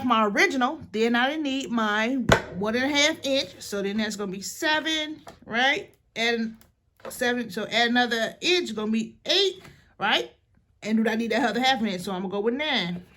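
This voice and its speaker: A woman's voice: high-pitched, background noise. A woman hosting a casual papercraft tutorial, chatting and joking with her viewers as she works. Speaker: papercraft video host.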